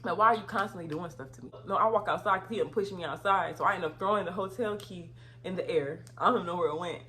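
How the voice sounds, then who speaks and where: Young woman, casual storytime vlog, lowish voice, breaks into loud outraged retellings. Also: fast talker, slight background noise. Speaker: vlogger.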